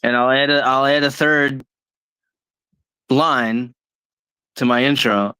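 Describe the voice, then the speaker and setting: A man joining a livestream as a panel guest, slow and easygoing with light laughs. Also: mid-range voice, steady tone, pushed and bright, clear, resonant tone, dry recording, poor audio. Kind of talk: casual livestream chat.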